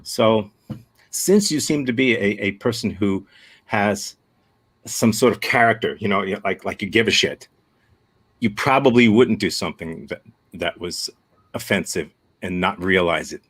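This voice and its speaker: A man from the States teaching improv, his voice sitting low. He talks over a video call, answering a student thoughtfully and bluntly. He circles his point with halting starts and restarts. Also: a bit bright, slightly rough. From United States. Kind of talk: answering a student's question in a workshop.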